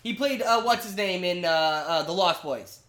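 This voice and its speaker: Man, bright forceful tone, teasing banter, casual podcast. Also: high-pitched, moderate pace. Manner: teasing, mock-exasperated banter. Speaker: podcast co-host. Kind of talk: casual chat.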